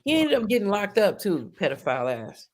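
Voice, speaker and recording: A schoolteacher woman telling stories in casual podcast chat, animated and profane, acting out the people she quotes. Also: mid-range voice, brisk.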